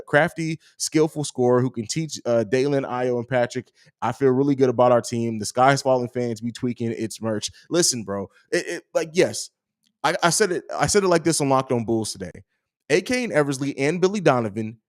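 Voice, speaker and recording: A young man hosting a casual live stream, talking in slang and reading viewer comments aloud. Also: medium pitch. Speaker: host of a fan live stream.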